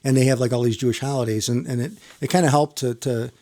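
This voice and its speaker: A firefighter guest with a warm, medium-pitched voice tells a long story fast in casual chat. He restarts often and swears casually.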